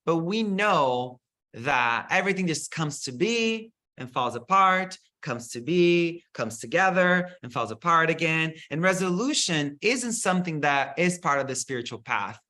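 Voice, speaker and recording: A man leading a spiritual workshop in an expressive, casual way, swearing freely and slipping into mocking voices. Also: fairly high pitch, measured pace. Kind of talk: animated spiritual talk.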